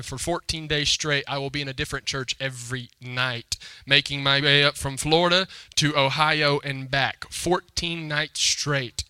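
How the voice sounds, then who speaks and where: A man preaching a lively sermon, calling out to the congregation for responses. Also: mid-range voice, smooth, no room sound. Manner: energetic, call-and-response with congregation. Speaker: pastor.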